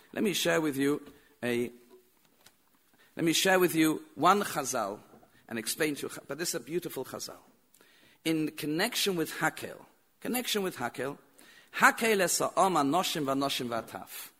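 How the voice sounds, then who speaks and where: Animated, bright-voiced man giving a Torah lecture. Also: a little high. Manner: animated storytelling with repeated phrases and rhetorical questions. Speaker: rabbi teaching.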